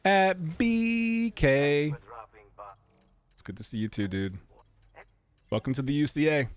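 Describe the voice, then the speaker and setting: A man's voice: on the high side, extremely slow, pauses often, clean tone, soft background music. A man streaming a video game, making jokey, rambling comments with goofy asides. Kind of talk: casual gameplay commentary.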